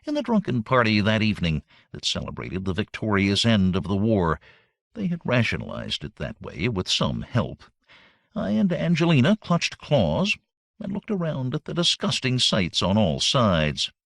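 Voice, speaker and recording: A man's voice: lowish voice, normal speed, vocal fry, no echo, clean studio sound. A man narrating a comic science-fiction audiobook in a wry storytelling manner. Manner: wry, animated storytelling with acted character voices.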